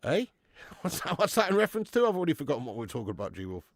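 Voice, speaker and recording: A young man with a gravelly, fry-edged voice hosts a live football stream and reads out the chat. His pitch jumps up and down as he talks, casually and with plenty of swearing. The recording is dry and close, with no room sound. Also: huge pitch swings, rapid-fire, no echo. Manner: swears freely, laughs often, calls viewers mate. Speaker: watch-along host reading live chat.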